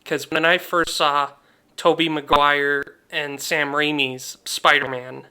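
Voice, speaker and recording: A man's voice: a little high, flat delivery, slow pace, bright, forceful tone, clean tone. A young man hosting a gaming channel, chatting casually and heartfelt over gameplay, rambling with many fillers.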